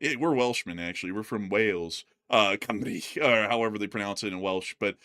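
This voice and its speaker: A man's voice: fairly low pitch, a little fast, bright, forceful tone. An American man co-hosting a channel, chatting casually and rambling with lots of "like" and "man" between laughs. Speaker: co-host of a news commentary channel. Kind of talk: casual chat.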